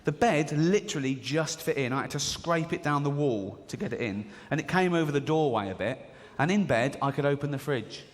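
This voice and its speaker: This English stand-up talks briskly with few pauses in an expressive, slightly high voice. He tells stories chattily and slips into other characters' voices. It's recorded live on stage in a large theatre, with reverb and a faint crowd in the background.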